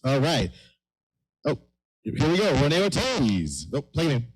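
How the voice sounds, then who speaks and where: A man hosts a comedy night, running through announcements in an upbeat, hurried way. His voice sits a little high, and he often repeats his phrases as he goes. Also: wildly swooping pitch. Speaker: comedy show host. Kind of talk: live emcee announcements.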